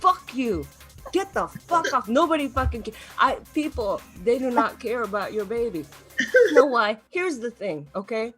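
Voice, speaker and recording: A young adult woman delivers an online stand-up set in a lively, swooping voice. She rants with mock outrage and keeps breaking into laughter at her own jokes. Faint music plays underneath. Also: on the high side, moderate pace. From Los Angeles. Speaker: stand-up comedian.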